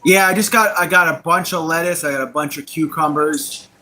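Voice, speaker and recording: A man's voice: fairly high pitch, a little fast, pushed and bright, rough recording. A man in his thirties with a Long Island accent, hosting a live game stream, chatting casually and calling the plays between stories. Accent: Long Island New York. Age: 30s. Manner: chatty, calls plays between personal banter. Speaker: livestream host.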